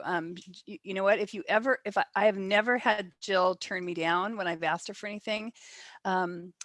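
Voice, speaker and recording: Middle-aged woman giving a warm personal tribute. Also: on the low side, no room sound. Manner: warm, personal anecdotal storytelling. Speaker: league member giving a tribute. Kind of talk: casual spoken tribute to camera.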